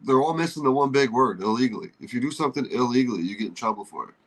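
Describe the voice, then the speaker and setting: A man's voice: medium pitch, animated, racing, low-quality recording. A man guest on a podcast roundtable who drives his point home by repeating it. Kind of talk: casual roundtable chat.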